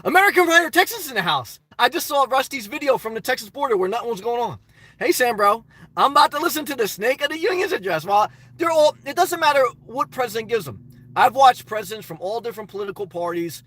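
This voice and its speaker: A man's voice: very high-pitched, lively intonation, fast, a bit bright, dry recording. A middle-aged man chatting casually on a live stream from his parked car, reading out viewers' messages and calling them brother.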